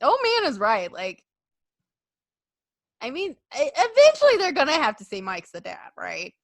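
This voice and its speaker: A woman co-hosting a casual wrestling podcast, animated and laughing, acting out others' lines in jokey voices. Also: high voice, moderate pace, vocal fry, dry recording. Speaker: podcast co-host.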